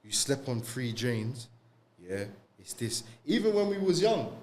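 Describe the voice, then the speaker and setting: A man's voice: medium pitch, big pitch swings, unhurried, darkish tone, slight background noise. A young man, co-hosting a podcast and talking casually about faith in street slang, often adding "bro" and "you get me". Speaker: podcast co-host. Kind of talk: casual religious discussion.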